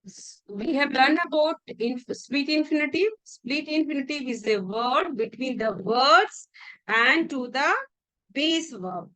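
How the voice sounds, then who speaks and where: A woman with an Indian English accent teaches English grammar for exam prep. Her voice sits high, and she talks patiently, repeating key phrases and restarting words as she explains. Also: a bit bright, low-quality recording.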